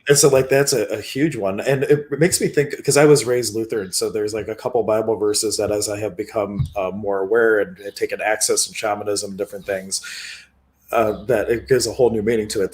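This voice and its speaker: A man's voice: lowish voice, fairly quick. A man hosting a casual livestream chat, easygoing and chuckling as he tells stories. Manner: easygoing, chuckles often, relaxed storytelling. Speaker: host.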